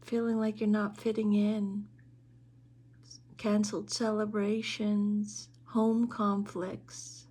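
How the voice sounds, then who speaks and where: A woman reading tarot cards in an unhurried, mellow voice. Her pitch stays flat and even, and she talks softly, often stopping to hesitate before she goes on. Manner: soft-spoken, hesitant with frequent fillers. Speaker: tarot reader.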